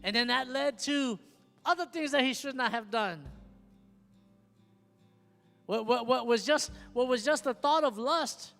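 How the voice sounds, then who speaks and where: A man's voice: extremely high pitch, a little slow, gravelly, long pauses. A man preaching a sermon as pastor, emphatic and often asking the congregation if they hear him. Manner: emphatic, repeats questions to the congregation. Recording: long hall reverb with soft guitar behind.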